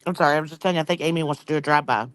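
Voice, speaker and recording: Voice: mid-range voice, racing, a bit bright, dry recording. A livestream panel guest talking in a loose, rambling way, full of fillers. The voice sounds dry and close to the mic. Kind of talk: casual chat.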